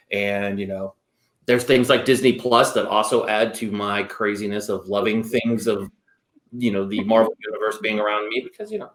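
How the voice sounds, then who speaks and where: A man in his thirties hosting a chat show, giggly and excitable, with lots of fillers. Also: fairly low pitch, roomy sound. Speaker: show host. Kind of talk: casual chat.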